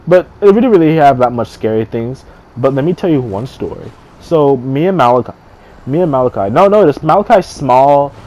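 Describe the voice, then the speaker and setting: A man's voice: mid-range voice, expressive, normal speed, darkish tone. Rambling young man telling a story. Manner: rambling, restarts sentences often, swears casually. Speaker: gaming streamer. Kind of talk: casual storytelling to camera.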